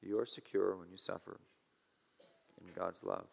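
A man preaching an expository sermon, emphatic, repeating key phrases and swinging between loud and hushed. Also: low-pitched, flat delivery, normal speed, gravelly, breathy edge. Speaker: pastor. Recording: reverberant hall.

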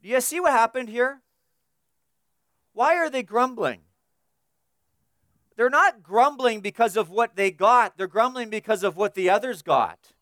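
A man's voice: very high voice, measured pace, long pauses, a bit bright, dry recording, clean studio sound. A man preaching an expository sermon, emphatic and repetitive, building his points through long lists.

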